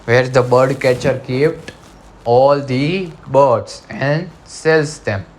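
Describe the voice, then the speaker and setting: A male teacher with an Indian English accent talks schoolchildren through a chapter at a very slow pace. His pitch sits in an ordinary middle range. He repeats each word and spells it out letter by letter. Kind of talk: English lesson for children.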